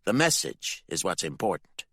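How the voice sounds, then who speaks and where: A man's voice: sits low, very animated, moderate pace, husky, no room sound, studio quality, heavily acted. A man reading an audiobook voices a vicious, hypocritical middle-aged preacher father, his voice thick with rage, cold and menacing. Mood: cold, stern. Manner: cold and menacing, bursts into shouting. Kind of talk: audiobook character voice.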